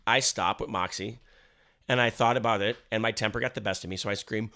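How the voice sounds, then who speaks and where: A man co-hosting a podcast in casual chat, telling stories in an animated way and swearing freely. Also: lowish voice, brisk, creaky. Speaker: podcast co-host.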